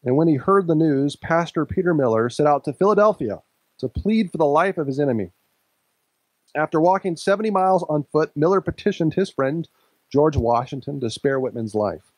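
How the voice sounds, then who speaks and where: A man's voice: a little high, expressive, normal speed, no room sound, poor audio. A male pastor preaching a sermon in a conversational way, laughing lightly now and then.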